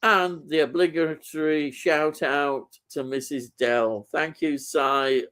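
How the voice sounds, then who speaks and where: A man's voice: fairly high pitch, steady tone, slow pace, fairly bright tone. A man co-hosting a casual live stream, reading out viewer comments with lots of ums and easy laughter.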